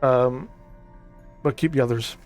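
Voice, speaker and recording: A man's voice: medium pitch, unhurried, a little mellow, faint music behind. A man giving thinking-aloud commentary as he plays a digital board game, reading card text aloud and musing with frequent ums.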